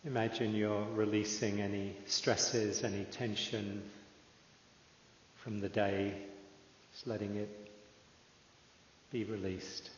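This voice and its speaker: A man guides a meditation slowly and calmly, leaving long pauses between phrases. His voice sits on the low side. The recording is dull and lo-fi, with the long reverb of a large hall. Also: slight background noise. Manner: slow, calm, with long pauses. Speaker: meditation teacher. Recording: echoey hall, dull lo-fi sound.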